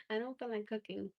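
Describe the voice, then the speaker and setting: A woman hosting a livestream launches into a casual rant, blunt and exasperated, her emphasis growing along with her disbelief. Her voice sits on the high side and is a little mellow, with no room sound.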